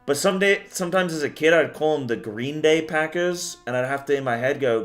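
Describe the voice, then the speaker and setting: A man's voice: a little high, animated, a little fast, hardly any pauses, fairly bright tone, soft background music. A tired young man streaming a game, rambling and swearing casually as he chats with viewers.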